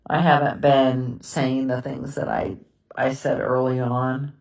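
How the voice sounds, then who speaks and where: A grieving middle-aged woman speaks in a slow, halting way, her voice often breaking into tears. She sits at some distance from the mic in a quiet house. The room around her is echoey. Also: very deep voice, level tone. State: tearful. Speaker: widow sharing her grief. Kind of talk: personal confessional vlog.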